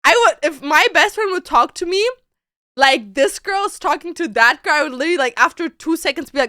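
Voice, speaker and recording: A young woman streaming, chatting casually and reacting excitably, jumping to squealing highs. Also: a little fast, no echo, clean studio sound. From Latin America.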